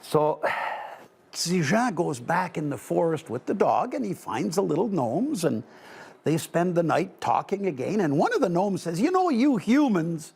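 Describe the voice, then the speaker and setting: Animated male storyteller, gravelly and husky. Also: a little high, moderate pace. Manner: animated, conversational, with asides to the audience. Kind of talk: live oral storytelling for children.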